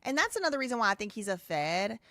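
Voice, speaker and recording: A woman's voice: mid-range voice, sing-song, fast talker, fairly bright tone, dry recording. A woman hosting a live stream, chatting casually, laughing and repeating phrases as she goes. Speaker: live show host.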